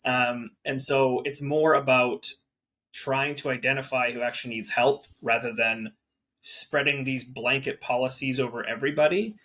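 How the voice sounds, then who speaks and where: A man speaking as a guest property manager in a casual interview, animated and peppering his talk with "like" in rapid bursts. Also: mid-range voice.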